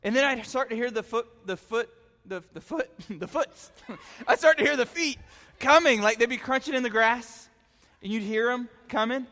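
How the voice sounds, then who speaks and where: A man preaching to young people, telling stories in a chatty, excitable way full of filler words. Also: very high-pitched, normal speed. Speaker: youth pastor. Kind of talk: animated youth sermon storytelling. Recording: long reverb in a hall.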